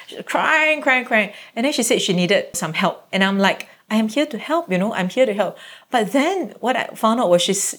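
A middle-aged woman, a guest parent telling stories casually and acting out quoted reactions. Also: medium pitch. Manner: animated, acts out quoted reactions. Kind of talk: casual conversational storytelling.

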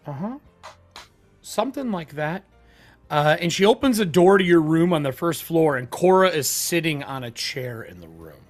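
A man narrating as game master of a tabletop game in a halting way. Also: fairly high pitch, lively intonation, faint music behind.

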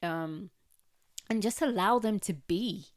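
A woman with a medium-pitched voice speaks slowly, reflecting candidly on raising her nieces in a personal chat. She's chatty, with frequent "like" and "um."

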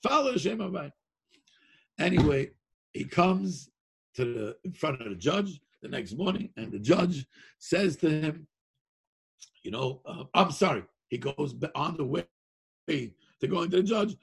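Gravelly-voiced man telling an excited story. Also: on the high side, unhurried. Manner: excited, laughs often, shouts at climaxes; sings a Yiddish-style tune. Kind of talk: animated Hasidic storytelling.

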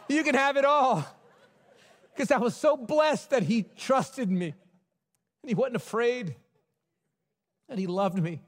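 A man preaching a sermon in a church, telling a personal story earnestly and dropping to a near hush at tender points. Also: high voice. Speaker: pastor. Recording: long church hall reverb.

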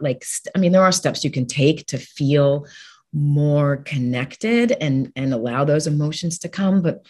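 A woman guest speaking frankly and warmly about grief, with easy laughter and dark humor. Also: fairly low pitch, slightly rough. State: widowed. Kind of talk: candid conversation about grief.

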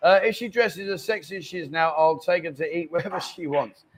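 A man's voice: a little high, a little fast. A man hosting a casual live chat show from a bar lounge, joking and bantering with the staff. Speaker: host.

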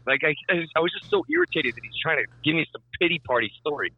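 A man's voice: on the high side, very animated, rapid-fire, hardly any pauses, dry recording, narrow, tinny audio. A young man telling a story in casual chat, swearing freely and acting out both sides of the conversation. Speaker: storyteller on a podcast.

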